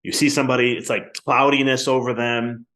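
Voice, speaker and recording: Podcast host, male, brisk chatty storyteller who restarts sentences often. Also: mid-range voice, little pitch movement, fairly bright tone. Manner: rambling storytelling with many restarts. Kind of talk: casual conversational interview.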